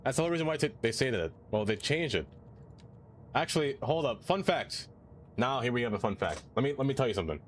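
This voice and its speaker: A man's voice: medium pitch, lively intonation, fast, a little hiss or hum. Chatty male streamer talking while he plays. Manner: chatty, playful, reacts out loud. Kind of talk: casual live-stream chat while playing.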